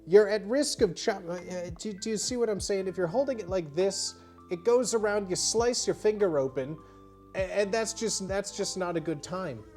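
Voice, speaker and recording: Faint music plays as a woman, a bit tipsy, streams live from behind the bar, rambling through a casual cocktail demo with lots of fillers. She talks at normal speed in a mid-range, darkish voice.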